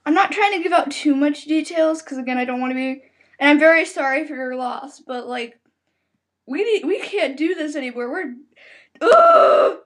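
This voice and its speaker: A woman's voice: high voice, a little fast. A woman recording a casual podcast from her bed, reading the news aloud in a panicky, dramatic way with frequent exclamations.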